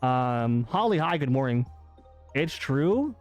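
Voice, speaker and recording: A man's mid-range, sing-song voice carries over soft background music as he streams live. He reads out chat messages and banters casually, teasing back, incredulous, and quick to object when they mock him.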